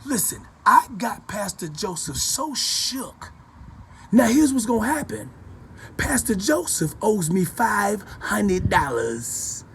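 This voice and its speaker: A man delivering a loud, rambling, profane rant to camera in a preachy tone, repeating himself as he goes. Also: sits high, very animated, takes it slowly, gravelly, a little hiss or hum. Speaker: vlogger.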